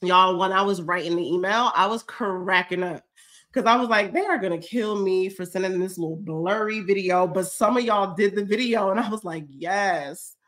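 A woman with a medium-pitched, slightly bright voice hosts a fitness check-in livestream at a moderate pace, reading and answering viewers' comments in casual chat. She's a little stuffy from a cold but effusive and chatty, saying "y'all" often.

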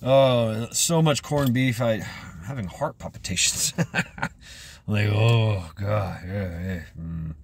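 A man's voice: on the low side, measured pace, a crowd in the background. A man vlogging in a casual, rambling monologue, chuckling often and restarting his sentences with many fillers.

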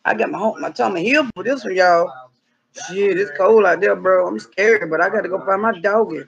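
A woman vlogging outdoors with a gravelly edge to her voice. She hams it up, playing scared and yelling out calls in a comic skit. The recording is dull and lo-fi. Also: mid-range voice, normal speed. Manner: dramatic, mock-scared, shouting out calls. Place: outdoors in the cold.

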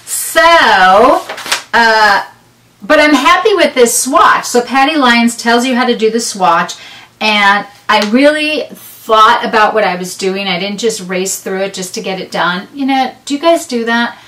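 A woman's voice: on the high side, animated, unhurried, sharp tone, far from the mic, a little hiss or hum. A middle-aged woman hosting a knitting podcast, chatting casually and rambling with self-deprecating asides. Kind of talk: casual chat to camera. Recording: roomy sound, a bit off mic.

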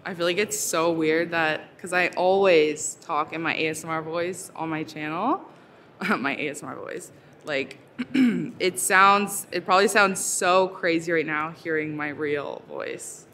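A chatty woman streaming live, slow and unhurried, her voice bright and clear. She fills her talk with "like" and "so" while she works with her hands. Faint noise of a busy convention sits behind her. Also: lowish voice. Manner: chatty, lots of fillers, talking while crafting. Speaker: ASMR creator. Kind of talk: casual live-stream chat.

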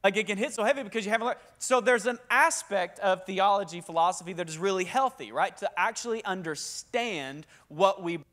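High-voiced Southern US pastor. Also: male voice, fairly quick, few pauses. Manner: talkative, energetic, calls for crowd responses. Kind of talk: lively sermon to a congregation.

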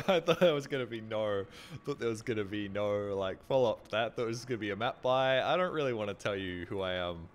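This live gameplay commentary comes from a man with a fairly low, animated voice who talks fairly quickly. He jokes around, swears a lot, and lets out startled yelps as he plays. Gunfire and clicking from the game run underneath.

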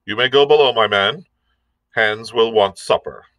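A man's voice: fairly low pitch, normal speed, a bit bright, no echo, natural voice. A man reading aloud and voicing a stern male ship captain who gives clipped, commanding orders. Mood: curt.

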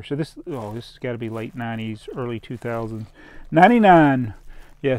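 A man of medium pitch talks his way through an unboxing in loose, rambling vlog chat. He thinks aloud and chuckles often, wandering from one thought to the next. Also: mellow, dry recording. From American South. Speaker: toy collector vlogger.

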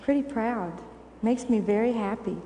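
A woman's voice: fairly high pitch, moderate pace, slight background noise. Older woman in an echoey church. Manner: warm, coaxing, asks the children questions. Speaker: children's sermon leader. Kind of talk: children's sermon. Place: church sanctuary. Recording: echoey church hall recording.

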